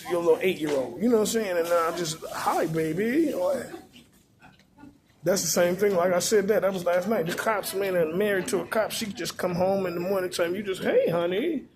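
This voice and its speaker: A man's voice: high voice, fairly even intonation, quick pace, hardly any pauses, crowd noise. Profane man on a rambling rant. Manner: profane, preachy, repetitive.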